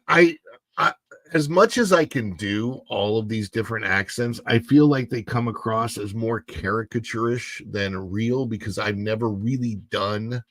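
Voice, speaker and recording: A man's voice: fairly low pitch, a bit bright, no echo. A man in his fifties hosting a casual livestream, rambling and self-deprecating, with frequent fillers and restarts. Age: 50s. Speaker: livestream host.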